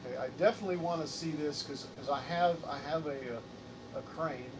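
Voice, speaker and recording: A man hosting a casual live stream, thinking aloud in halting, repeated phrases. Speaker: livestream host. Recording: distant mic, noisy air conditioning rumble.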